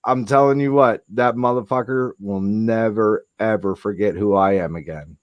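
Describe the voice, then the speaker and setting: A man's voice: fairly low pitch, moderate pace, dry recording, lo-fi sound. Man, casual stream host, lots of swearing, dry close sound. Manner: animated, swears a lot, acts out quotes. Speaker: livestream host. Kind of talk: casual profane storytelling.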